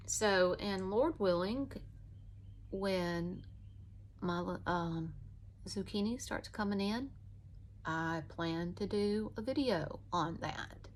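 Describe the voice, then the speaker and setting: A woman's voice: mid-range voice, slow, slight background noise. A woman, chatting casually in a folksy, rambling way while doing her makeup at home. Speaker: vlogger.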